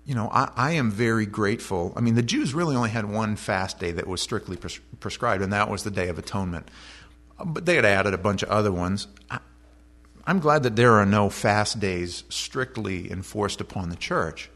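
A man's voice: fairly low pitch, normal speed, fairly bright tone. A man preaching a sermon in a church, talking to the congregation in a conversational way and breaking off for joking asides. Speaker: pastor.

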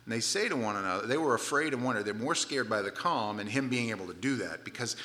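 A man delivering a sermon with a very bright, sharp, forceful voice. He preaches conversationally, stumbling into restarts and repeated words. At his high points he turns loud and emphatic. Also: lively intonation, fast. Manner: grows loud and emphatic at climaxes. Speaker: pastor.

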